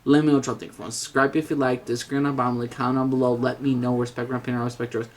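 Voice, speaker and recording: A man's voice: medium pitch, little pitch movement, racing. A man giving a casual, rambling video review, with many fillers and restarts, blunt and given to mild swearing.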